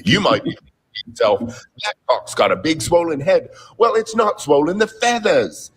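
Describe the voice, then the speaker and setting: A man playing an over-eager host of a rooster show, hammy and prone to shouting bursts. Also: very animated, normal speed, husky. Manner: hammy, shouting bursts, wildly swooping pitch.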